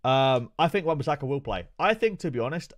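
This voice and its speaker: A young man talks with his viewers on a live stream, bantering with chat through jokes and lots of profanity. His medium-pitched voice is animated and brisk.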